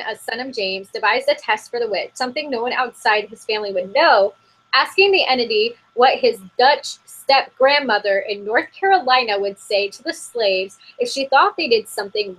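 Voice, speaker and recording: A woman's voice: fairly high pitch, measured pace, fairly bright tone, low-quality recording. Giggly woman telling spooky tales. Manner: giggly, heavy use of "like". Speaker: podcast co-host. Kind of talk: casual storytelling, reading from an article. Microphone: remote call.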